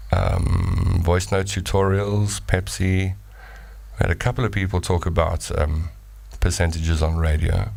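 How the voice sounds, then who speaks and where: Gravelly deep-voiced host. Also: male voice, unhurried. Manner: lively and playful, reading voice notes. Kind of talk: live talk show chat.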